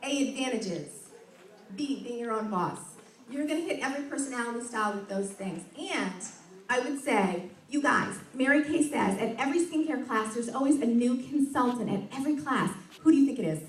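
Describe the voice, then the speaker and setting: High-voiced upbeat woman, echoey room. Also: lively intonation, a little fast, recorded from a distance. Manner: upbeat, enthusiastic, acts out sales dialogue, laughs often. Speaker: sales trainer speaking to a group. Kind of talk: motivational sales training talk. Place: meeting room with audience.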